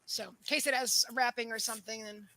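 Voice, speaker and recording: A woman hosting a casual livestream from a room in her home, gushing and excitable as she talks to her dogs. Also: a little high, fairly quick, slight background noise. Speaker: host of a live psychic reading stream. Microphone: camera setup lit by a ring light.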